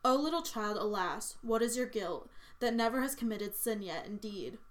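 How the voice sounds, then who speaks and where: A woman's voice: fairly high pitch, animated, moderate pace, natural voice. A woman voicing a devout young mother who prays and grieves over her child, speaking in a tender, prayerful way. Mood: pleading.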